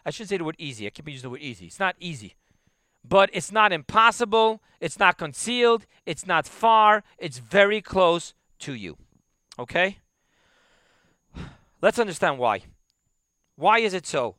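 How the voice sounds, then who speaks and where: Emphatic bright-voiced man teaching. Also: fairly high pitch, clear, resonant tone, no echo, clean studio sound. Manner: emphatic, repeats key phrases, drops to quiet asides. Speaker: rabbi teaching a class. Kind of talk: Torah class lecture.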